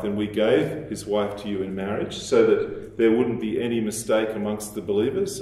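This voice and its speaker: A man with a lowish voice delivers a lecture in a strongly echoing room. He explains at a measured pace, quoting texts and pausing on the odd filler. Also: darkish tone. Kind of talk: recorded lecture. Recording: very echoey room.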